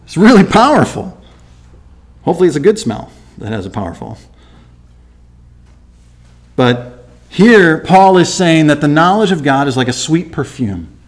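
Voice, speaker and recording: A man preaching a chapter-by-chapter Bible study in a lively, chatty way. His slightly high voice swings up and down as he throws rhetorical questions at the listeners and acts out the story. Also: normal speed, long pauses. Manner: animated, conversational, rhetorical questions, acts out quotes. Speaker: Bible teacher at a church. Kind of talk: verse-by-verse Bible teaching.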